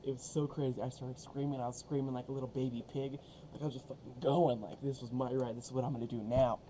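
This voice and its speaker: A man's voice: medium pitch, little pitch movement, fast, mellow, slight background noise, low-quality recording. A young man telling a story casually on a vlog, profane and rambling, full of fillers and swearing.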